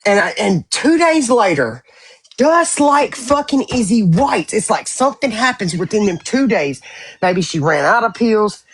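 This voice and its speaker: A woman's voice: mid-range voice, measured pace, slight background noise. Profane, heated woman on a live stream. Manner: blunt, profane, animated retelling with voiced quotes.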